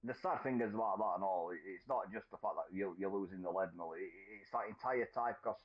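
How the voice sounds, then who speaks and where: Male guest, glum and stammering, raspy low voice, dull call audio. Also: quick pace. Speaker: stream guest. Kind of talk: casual chat in voice call.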